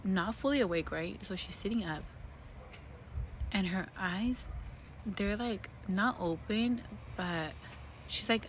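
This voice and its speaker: A woman's voice: fairly low pitch, fairly bright tone, a little hiss or hum, rough recording. A young woman telling a personal ghost story in a casual, rambling way, swearing often and using lots of fillers. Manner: rambling, profane, full of fillers.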